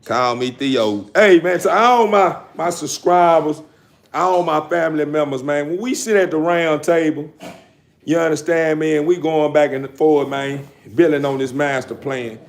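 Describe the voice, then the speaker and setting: A man's voice: a little high, fairly even intonation, moderate pace, gravelly. A man hosting a casual livestream to his viewers, talking in loose, repetitive street slang with frequent stammers. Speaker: dog-breeding channel host.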